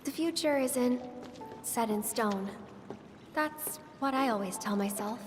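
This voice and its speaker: An actress playing a cheerful, gentle young woman in a video game, reassuring and playfully teasing. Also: on the high side, unhurried, in a large hall, lightly acted. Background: game music.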